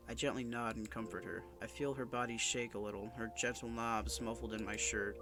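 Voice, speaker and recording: A male gaming YouTuber reads a visual novel aloud, earnest and emotional, and sometimes trips over words. His voice sits at an ordinary middle pitch, with clear music playing behind it. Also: steady tone, brisk, few pauses. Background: background music.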